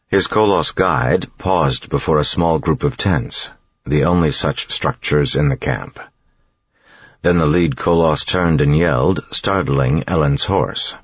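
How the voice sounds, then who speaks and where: A man narrating an audiobook in a measured, even storytelling manner. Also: rumbling low, slightly rough, no room sound, lo-fi sound.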